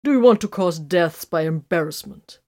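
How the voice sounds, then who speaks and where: A woman's voice: fairly low pitch, expressive, moderate pace, dark tone, natural voice. A woman voicing a polite but stern male soldier who raises his voice to get order, in a storybook reading.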